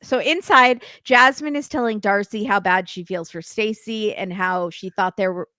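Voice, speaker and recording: A woman hosting a casual recap podcast, talking fast and acting out quotes in lively put-on voices. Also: mid-range voice, no room sound. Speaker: podcast host recapping reality TV.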